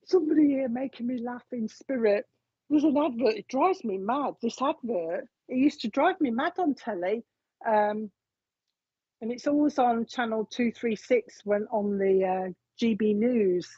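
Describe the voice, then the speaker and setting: A woman's voice: a little high, a little slow, mellow, breathy edge, dry recording. A woman giving a live psychic reading, chatting along as she relays messages from spirit. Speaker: psychic medium. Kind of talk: live reading on a streamed show. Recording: dull, lo-fi stream audio.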